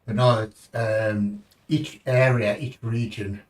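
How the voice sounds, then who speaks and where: Chatty English streamer, unhurried and a bit deep, casual swearing, off-mic distance. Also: male voice, steady tone. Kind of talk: casual gaming commentary.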